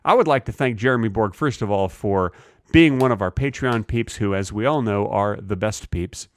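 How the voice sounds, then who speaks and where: A man co-hosting a comedy podcast, riffing absurd bits with deadpan delivery. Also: moderate pace. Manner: deadpan absurd, animated pitch swings. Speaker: podcast co-host. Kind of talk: improvised comedy banter.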